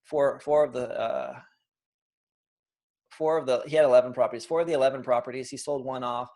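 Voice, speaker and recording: A man in his thirties, an interview guest, telling his own story in a lively, animated way and acting out the quotes. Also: medium pitch, brisk. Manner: animated storyteller, acts out quotes, frequent restarts.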